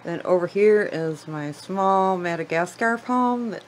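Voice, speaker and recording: Slow, low-voiced woman giving a plant tour. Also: slight background noise, rough recording. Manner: chatty and gushing, trails off mid-sentence. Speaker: plant vlogger. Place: living room at home.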